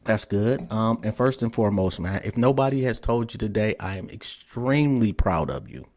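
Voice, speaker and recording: A man's voice: on the low side, animated, normal speed, a little mellow. Casual, cursing male podcast host. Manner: loose and profane, frustrated with tech trouble. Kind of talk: casual interview, remote call.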